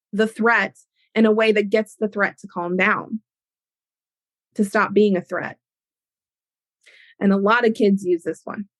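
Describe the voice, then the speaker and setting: A woman hosting an educational podcast, explaining ideas in an animated way with everyday examples. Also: mid-range voice, no room sound. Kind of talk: teaching talk on a podcast.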